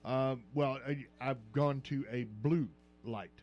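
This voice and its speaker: A man's voice: mid-range voice, steady tone, takes it slowly, darkish tone. An older man hosting a morning radio talk show, joking and rambling with lots of fillers. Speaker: radio host. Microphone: studio microphone.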